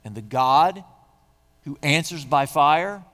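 A defiant male prophet with a forceful, declaiming voice, as a preacher reads him aloud. The voice sits a touch high and rings out in a long reverb of a large hall. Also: animated, takes it slowly, heavily acted. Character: bold defiant male prophet challenging a king.

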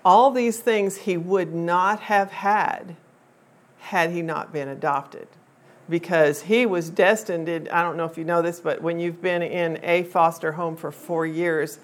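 Older woman, lowish voice, chatty storyteller addressing a group, lots of ums. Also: steady tone. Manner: chatty, unhurried, with many um fillers and restarts. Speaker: speaker telling a family story to a group. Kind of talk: personal storytelling to an audience.

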